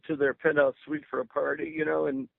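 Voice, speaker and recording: An older man with a gravelly voice tells stories as a guest on a radio show. He speaks eagerly, restarting words and laughing as he goes. His voice comes over a narrow, tinny phone line with no room sound. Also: on the high side, level tone, fairly quick, dry recording. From Berwyn, Illinois, USA. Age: 60s. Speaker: guest musician. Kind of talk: radio interview storytelling.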